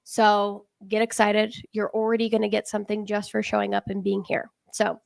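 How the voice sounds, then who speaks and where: A woman's voice: mid-range voice, level tone, normal speed, creaky, no echo, studio quality. A woman hosting a live trading webinar over a video call, upbeat and welcoming. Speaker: webinar host, product director. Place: home in Denver.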